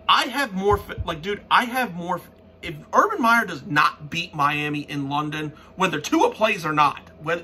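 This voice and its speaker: A man's voice: on the high side, sharp tone, slight background noise. Fired-up man ranting about football. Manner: frustrated, swearing, restarts sentences. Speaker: sports fan vlogger. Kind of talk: profane sports rant.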